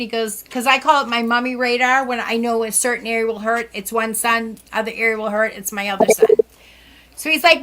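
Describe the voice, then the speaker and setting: Bright high-voiced woman telling stories. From Central West Massachusetts. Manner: animated, acts out quoted dialogue with sighs and laughs. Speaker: psychic medium guest. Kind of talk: casual storytelling chat. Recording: podcast interview.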